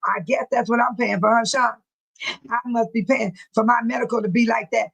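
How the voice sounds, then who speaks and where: A woman's voice: a little high, steady tone, creaky, fairly bright tone, husky, low-quality recording. A middle-aged woman hosting a casual livestream, chatting animatedly with her viewers and reading comments and news aloud. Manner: reads news aloud haltingly.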